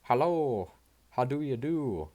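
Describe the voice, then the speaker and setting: A man's voice: medium pitch, sing-song, slow, darkish tone, pitched above the performer's own voice. A man voicing a gushing, chatty woman from an old film script, effusive and doting on her guests.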